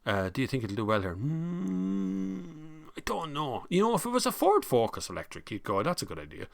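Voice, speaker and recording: Gravelly Irish man chatting casually. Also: on the high side, sing-song, normal speed, dry recording. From Ireland. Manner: chatty and rambling, laughs easily. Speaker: motoring live-stream host. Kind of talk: casual live-stream chat reading viewer comments.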